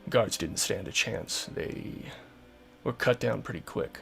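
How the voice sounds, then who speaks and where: A man voicing a pale, tired, broody male tiefling rogue who talks low and subdued. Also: measured pace, vocal fry, fairly bright tone, faint music behind, heavily acted. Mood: grim.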